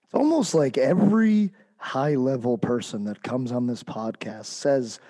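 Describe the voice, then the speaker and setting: A podcast co-host talks in a relaxed, casual way, tossing in teasing jabs and emphatic calls to the listeners. His voice sits at an ordinary pitch with a warm, mellow tone. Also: a little slow.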